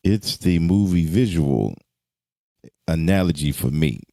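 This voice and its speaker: A man co-hosting a casual podcast, playful and teasing, answering with a lot of low hums. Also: expressive, measured pace, vocal fry, warm tone, no room sound, studio quality. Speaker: podcast co-host.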